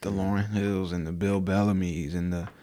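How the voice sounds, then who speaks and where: A man's voice: low-pitched, level tone, moderate pace, dark tone, a little hiss or hum. A man from Newark, New Jersey, a podcast guest talking reflectively in casual chat. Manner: reflective, many fillers and restarts.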